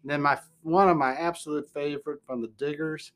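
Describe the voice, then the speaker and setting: A man's voice: fairly high pitch, steady tone, brisk, fairly bright tone. A man hosting a podcast, talking in a rambling, folksy way with a Southern US accent and frequent chuckles. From American Midwest. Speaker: podcast host. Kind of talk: casual podcast chat.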